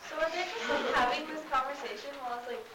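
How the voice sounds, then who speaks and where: A woman student asks her questions in class, her voice high and bright. She sounds far from the mic. The room is echoey, with loud classroom chatter around her. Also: fast talker.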